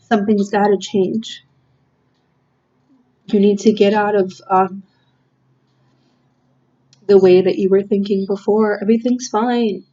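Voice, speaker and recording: This tarot reader speaks casually and slowly, feeling her way through with frequent "um"s and restarts. She has a soft, mellow, mid-range voice and a steady tone, coming across as sincere and near tears. The recording sounds a bit muffled and lo-fi.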